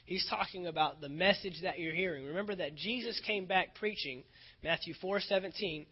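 A man's voice: high voice, moderate pace, husky. A male pastor preaching a sermon, earnest and emphatic, often repeating phrases for weight. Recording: dull lo-fi recording.

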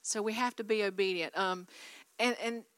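A woman's voice: medium pitch, steady tone, normal speed, fairly bright tone, clean tone, dry recording. A woman preaching a sermon, exhorting her listeners and asking for their responses. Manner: exhorting, call-and-response with audience. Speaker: guest speaker.

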